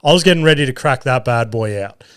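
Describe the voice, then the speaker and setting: An Australian man in his thirties rambles through an everyday story on his podcast, swearing freely and joking at his own expense. His voice sits at an ordinary middle pitch and is recorded close and dry, with no room sound. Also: expressive, fast, smooth, no room sound. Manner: rambling, swears freely, self-deprecating humour. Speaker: podcast host. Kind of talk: casual storytelling monologue.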